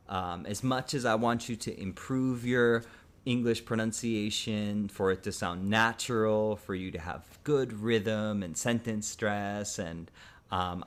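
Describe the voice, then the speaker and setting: A man teaching an English lesson on camera, speaking thoughtfully with frequent um and uh fillers. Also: lowish voice. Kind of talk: casual video lesson.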